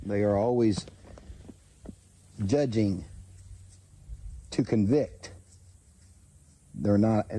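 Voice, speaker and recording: A man reads Bible passages aloud at an unhurried, deliberate pace, his voice dark and mellow. He stops to comment in plain speech and stumbles over names, correcting himself as he goes. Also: medium pitch. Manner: slow, halting reading with self-corrections. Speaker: channel host reading scripture.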